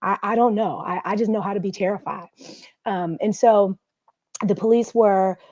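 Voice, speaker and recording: A woman giving personal testimony as a conference speaker, earnest and halting with frequent restarts. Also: mid-range voice, steady tone, a little mellow, dry recording. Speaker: guest speaker, domestic violence survivor. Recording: dull, dry audio.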